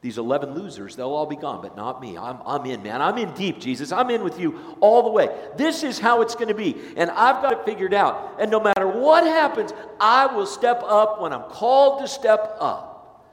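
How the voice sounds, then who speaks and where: A man voicing a brash, boastful fisherman disciple who shouts his protests, in a sermon recorded in a sanctuary. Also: medium pitch, fairly quick, hardly any pauses, lightly acted. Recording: echoey sanctuary, long reverb.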